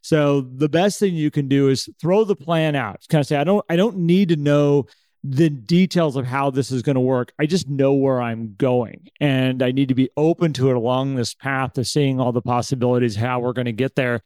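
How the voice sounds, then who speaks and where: A man's voice: mid-range voice, moderate pace, clear, resonant tone, no room sound. A man co-hosting a casual podcast chat, talking with energy and acting out an inner voice. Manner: animated, acts out an inner voice. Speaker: podcast co-host.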